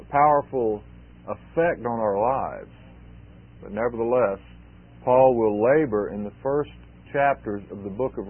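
A man's voice: mid-range voice, no room sound. A man preaching an expository sermon, emphatic and repeating key phrases for weight. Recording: tinny phone-like sermon recording.

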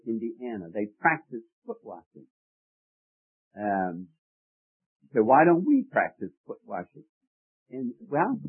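A man preaching in an expressive, rising-and-falling voice, pausing to quiz his listeners. His voice is slightly husky and comes through a dry, tinny, phone-like recording. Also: mid-range voice. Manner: expository teaching with questions to the congregation. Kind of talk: sermon.

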